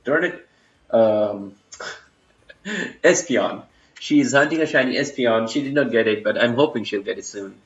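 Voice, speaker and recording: A man's voice: medium pitch, normal speed, pauses often. Chatty Indian-accented young man streaming. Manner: chatty, loose, full of fillers and restarts, reads chat aloud. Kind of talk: casual live-stream chat. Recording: roomy, slightly dull home stream audio.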